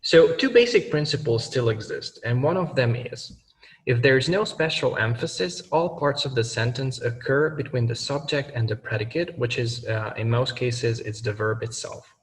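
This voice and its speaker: A man teaching grammar to learners, pausing often with fillers and correcting himself as he slows down for examples. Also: mid-range voice, expressive, big-room sound, distant mic. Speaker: language teacher.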